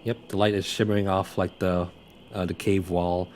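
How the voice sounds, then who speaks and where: Deep-voiced young man narrating a tabletop game. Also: level tone, a little mellow, a little hiss or hum. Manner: loose, halting narration with many fillers. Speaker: game master.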